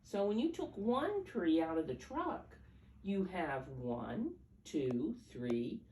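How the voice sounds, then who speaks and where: Low-voiced older woman reading to preschoolers. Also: sing-song, takes it slowly, dark tone. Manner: coaxing teacher-like, counting along and asking questions. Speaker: storyteller for preschoolers. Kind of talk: reading picture books aloud to children. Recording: roomy echo, mic at a distance, faint background hum.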